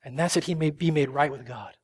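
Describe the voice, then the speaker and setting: Husky male pastor preaching passionately. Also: on the high side, brisk, in a large hall. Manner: impassioned preaching, swinging from loud emphasis to hushed whispers. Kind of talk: sermon.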